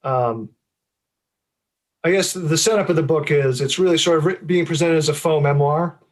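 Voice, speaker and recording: A man's voice: on the high side, moderate pace. A middle-aged man, an author, talking casually in an interview, rambling with many fillers and restarts.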